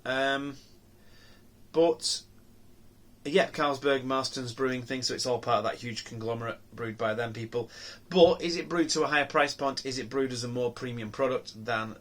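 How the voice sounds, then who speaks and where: A man's voice: mid-range voice, moderate pace, a bit bright. A man reviewing beer on his own channel, talking casually and musing aloud with many ums, restarts and rhetorical questions.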